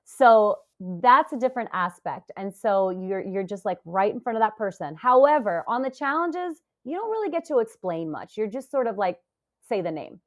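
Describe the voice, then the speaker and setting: A woman in her forties, a podcast guest, talking casually and telling stories with lively acted-out quotes. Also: mid-range voice, normal speed. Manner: animated storytelling, acts out quoted voices. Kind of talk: casual interview talk.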